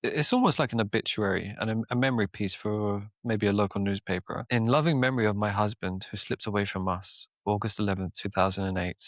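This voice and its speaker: A man co-hosting a casual podcast, reading funny names and comments aloud with relaxed, dry timing. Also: fairly low pitch, fast, few pauses, no room sound. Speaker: podcast co-host.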